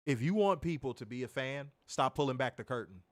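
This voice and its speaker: A man's voice: medium pitch, lively intonation, brisk, no room sound. A man co-hosting a wrestling podcast, ranting with profanity and piling up rhetorical questions. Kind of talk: heated ranting commentary.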